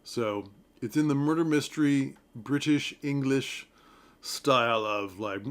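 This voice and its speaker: A man's voice: medium pitch, unhurried. A man reviewing a stage play to camera in a casual, chatty way, with frequent ums and asides to his viewers.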